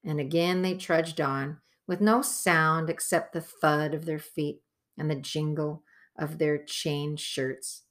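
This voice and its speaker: Woman reading a kids novel aloud, slow and steady, bright voice. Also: low-pitched. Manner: measured storytelling. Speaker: audiobook narrator. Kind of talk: scripted narration.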